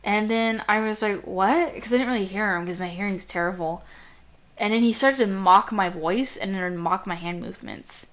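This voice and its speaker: A woman's voice: mid-range voice, normal speed. A young woman with a girlish, youthful voice rants casually while playing a game. She talks in a chatty, distracted way and drifts off mid-thought. She drops the odd swear word along the way. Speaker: gameplay commentator. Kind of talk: casual gameplay rant.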